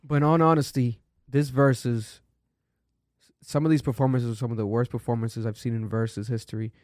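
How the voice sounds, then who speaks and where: A man co-hosting a casual show, swearing freely and mocking performances in animated commentary. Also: mid-range voice, fairly quick, dry recording, studio quality. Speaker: co-host.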